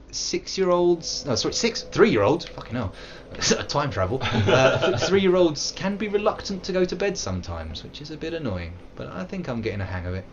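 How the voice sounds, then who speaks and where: A man's voice: lowish voice, lo-fi sound, a little hiss or hum. An English man in his thirties, rambling playfully as he streams a game live and chats with viewers. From England. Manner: playful, rambling, bursts into silly put-on voices. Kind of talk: live gameplay commentary.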